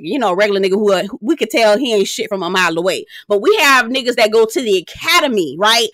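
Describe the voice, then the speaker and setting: Sassy, bright-voiced woman recapping reality TV. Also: fairly high pitch, dry recording. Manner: sassy, blunt and profane, laughs often; chatty, speaks straight to viewers. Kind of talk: casual commentary recap.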